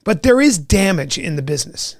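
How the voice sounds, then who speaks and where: A man's voice: high voice, big pitch swings, a little fast, no room sound, clean studio sound. A man hosting an interview podcast, talking in loose rambling sentences with many restarts. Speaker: podcast host. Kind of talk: casual interview chat.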